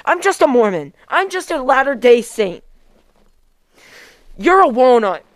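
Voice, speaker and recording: A woman's voice: high voice, very animated, moderate pace, no echo. A woman playing a prudish fifteen-year-old Mormon boy who hosts a call-in podcast, flustered and scolding his callers. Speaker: host of a call-in show. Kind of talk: comedy skit.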